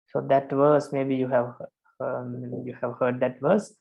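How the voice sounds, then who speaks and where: Patient monk teaching with a gravelly voice. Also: male voice, mid-range voice, flat delivery, unhurried, a little mellow, rough recording. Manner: patient, counts syllables aloud, frequent fillers and repeats. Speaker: Pali teacher. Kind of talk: online lesson on verse meter.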